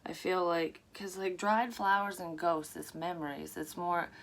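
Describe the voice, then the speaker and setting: A woman's voice: lowish voice, fairly even intonation, measured pace. A woman giving a casual, rambling psychic card reading to her viewers. She talks frankly and swears freely. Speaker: psychic tarot reader. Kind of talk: casual tarot reading to camera.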